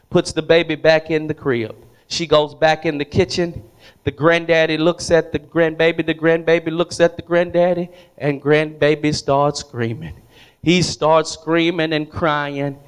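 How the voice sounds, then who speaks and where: A man's voice: fairly high pitch, smooth. A man preaching a sermon to a congregation, telling a story and asking the room questions. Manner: storytelling preacher who repeats words and asks the congregation questions. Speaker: pastor. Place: church hall with congregation.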